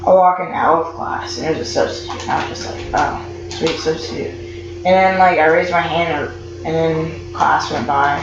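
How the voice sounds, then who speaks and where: A man's voice: fairly high pitch, steady tone, normal speed, creaky. A teenage boy telling a school story in a casual vlog, rambling with lots of fillers, stuttering and restarting his sentences. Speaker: vlogger. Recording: echoey lo-fi room with noise.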